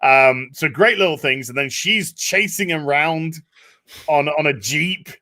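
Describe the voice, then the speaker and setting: A man hosting a casual discussion, animated, acting out quotes. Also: on the high side, a little slow. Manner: animated, acts out quotes in voices. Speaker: podcast host.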